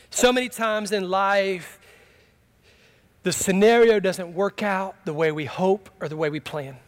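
A middle-aged pastor preaching a sermon, swinging from impassioned emphatic cries to quiet, low storytelling. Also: male voice, a little slow, long pauses.

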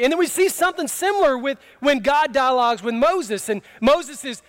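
High-voiced man preaching a sermon. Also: expressive, moderate pace, hardly any pauses, a bit bright. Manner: conversational, humorous, asks the congregation questions. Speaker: pastor. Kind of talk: sermon with personal story.

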